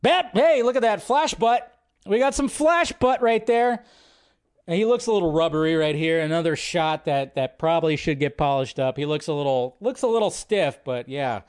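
A male host reacts aloud while he watches, excitable and loose, swearing as he goes. His voice sits a little higher than most men's. It is relaxed, casual live-stream chat. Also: moderate pace, clean tone. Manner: excitable, swears freely, chatty asides.

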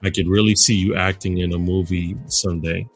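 A low-voiced man hosts a podcast interview. He puts his questions in a measured way and reads out listener questions. Faint music sits behind him. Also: steady tone, breathy edge. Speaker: podcast host.

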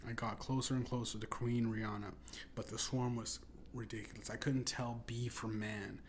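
A man hosting a comedy podcast, rambling through an absurd tall tale in a deadpan, profane way. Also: mid-range voice, moderate pace, slight background noise. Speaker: podcast host. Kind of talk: improvised comedic storytelling.

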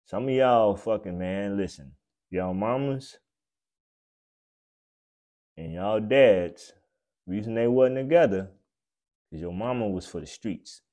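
Mellow-voiced man ranting and cursing. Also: slow, long pauses, dull audio. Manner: blunt, swearing, preachy, swings between loud outbursts and low mutters. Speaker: podcast host. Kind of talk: profane comedic rant.

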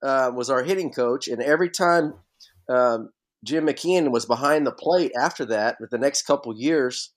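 A man's voice: medium pitch, moderate pace. A middle-aged man, a podcast host and former ballplayer, telling stories in a casual chat and often laughing. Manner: animated storyteller who breaks into laughter.

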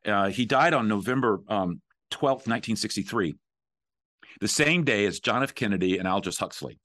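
Middle-aged guy on a podcast, real low voice, dry close mic, lots of ums. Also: moderate pace, no room sound. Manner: relaxed, with frequent fillers and restarts. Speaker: podcast host. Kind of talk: conversational podcast talk.

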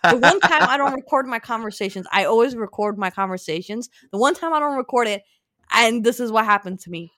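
Animated bright-voiced woman. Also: on the high side, fairly quick, dry recording, clean studio sound. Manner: animated, acts out both sides of her story. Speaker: podcast co-host. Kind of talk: casual chat, storytelling.

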